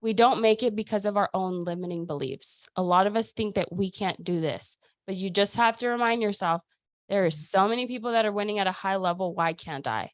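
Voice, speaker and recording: A woman hosting a weekly sales team call, talking in an energetic, chatty way with lots of "like" and "dude". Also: medium pitch, brisk, no echo. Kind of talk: casual motivational talk on a video call.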